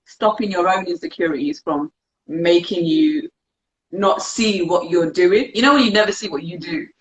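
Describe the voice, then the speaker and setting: A woman's voice: on the low side, moderate pace. A young woman, talking candidly as an interview guest and acting out her own thoughts. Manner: candid, animated, acts out quoted thoughts. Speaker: interview guest, dance practitioner. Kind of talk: casual conversation. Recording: dull lo-fi sound.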